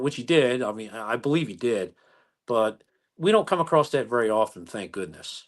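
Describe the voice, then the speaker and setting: Veteran police chief telling stories. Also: male voice, medium pitch, normal speed. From United States. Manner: animated storyteller who acts out dialogue. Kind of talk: storytelling interview.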